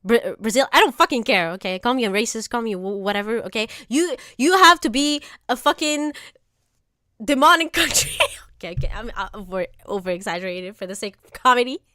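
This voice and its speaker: A woman streamer in casual reaction chat, profane and exaggerated, quick to laugh. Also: a little high, expressive, sharp tone, dry recording.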